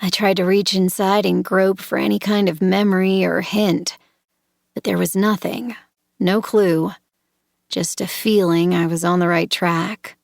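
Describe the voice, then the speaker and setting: A woman narrating a first-person audiobook in a measured, tense storytelling manner. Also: mid-range voice, little pitch movement, creaky, no echo, studio quality.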